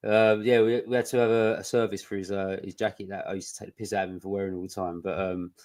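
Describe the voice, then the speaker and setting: A man talks at a quick clip in a loose, casual podcast chat. He swears freely and tells stories with animated energy. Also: sits low. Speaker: podcast co-host.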